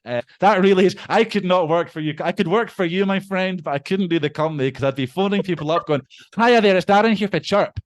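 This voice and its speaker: A man's voice: high-pitched, fast talker, hardly any pauses. Chatty man, casual and self-mocking. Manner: chatty and animated, swears casually; self-deprecating, laughs at himself. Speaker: podcast guest. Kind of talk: casual chat.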